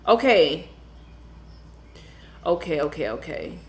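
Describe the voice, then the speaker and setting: A woman from Brooklyn, hosting a tarot livestream in casual chat and greeting viewers with slangy shout-outs. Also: sits low, big pitch swings, takes it slowly. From Brooklyn, New York. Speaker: tarot reader livestream host. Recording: echoey room with faint ambience.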